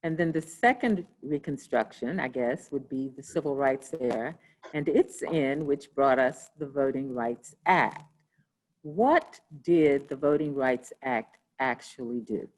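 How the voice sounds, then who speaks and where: A woman interviewing a guest, asking measured, prepared questions. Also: extremely low pitch, darkish tone, rough recording.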